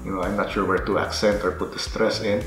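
Low-voiced guy in his 30s chatting through his garden vlog, laid back, roomy echo w faint music behind. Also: quick pace. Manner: relaxed, easygoing, chuckles softly. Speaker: gardening vlogger. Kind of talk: casual vlog narration.

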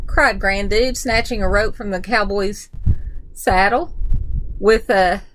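A woman reading a children's picture book aloud with animated storytelling. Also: mid-range voice, takes it slowly, rough recording.

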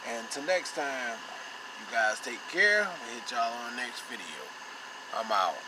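A man's voice: mid-range voice, expressive, normal speed. A man hosting a car detailing channel, casually showing off the results and pointing them out over and over. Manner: repetitive, pointing things out. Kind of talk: casual how-to demonstration. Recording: noisy ambience, vehicle sounds.

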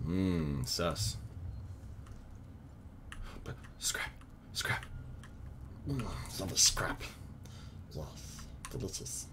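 A young man with a lowish voice chats his way through a game stream, joking and laughing as he goes. His delivery is slow and unhurried, but his pitch swings widely from line to line. A faint hum of noise sits behind him. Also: lively intonation. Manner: playful, joking, laughs often. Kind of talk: live gameplay commentary.

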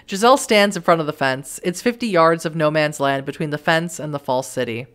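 A woman's voice: low-pitched, fairly quick, a bit bright. A woman hosting a let's play, reading the game's text aloud with wry, joking asides.

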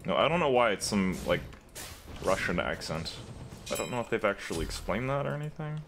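Wildly animated trash-talking young man. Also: on the low side, fairly quick, vocal fry, over music. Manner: trash-talking, profane, jokey. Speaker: gaming content creator. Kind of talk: live gameplay commentary.

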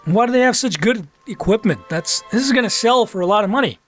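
Excitable gamer guy swearing at loot, high lively voice, faint game music. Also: fast talker. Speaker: let's play commentator. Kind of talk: casual gameplay commentary.

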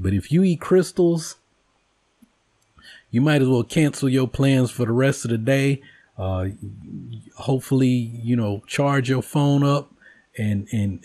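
Man, casual vlog monologue, salty language, animated jokey storytelling. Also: mid-range voice. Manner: profane, joking, animated storytelling. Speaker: vlogger host.

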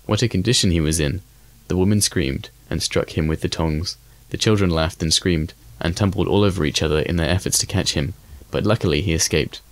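A man reading a classic fairy tale aloud as an audiobook in a measured, even manner. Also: sits low, no room sound. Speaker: audiobook reader. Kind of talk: scripted storybook narration.

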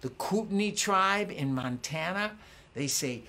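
Older male children's singer, animated and bright, gently coaxes kids to repeat after him. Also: high-pitched, moderate pace. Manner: patient, encouraging teacher leading children. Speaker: children's singer and concert host. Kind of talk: call-and-response family concert.

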